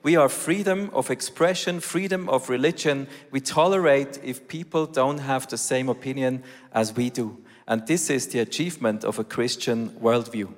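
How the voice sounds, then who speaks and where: A man of middle pitch speaking earnestly from the stage of a church. His plain, declarative sentences carry a long hall reverb. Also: moderate pace, few pauses.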